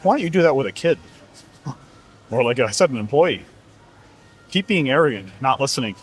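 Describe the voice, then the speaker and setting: A man's voice: mid-range voice, very animated, fairly quick, husky. A man coaching about fitness in a blunt, profane, lecturing monologue. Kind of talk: motivational monologue.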